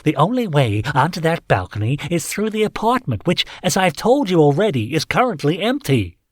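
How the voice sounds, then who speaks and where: A man's voice: fairly high pitch, big pitch swings, moderate pace, no room sound, studio quality, pitched above the performer's own voice. A man voicing a weary, defiant human landlord who sighs and dodges questions. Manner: sighing, evasive, cocky.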